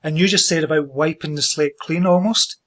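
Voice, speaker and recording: A man hosts an interview with enthusiasm and encouragement, quick to praise his guest. His voice is a little higher than most men's. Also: fairly even intonation, a bit bright. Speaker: interview host. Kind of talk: conversational interview.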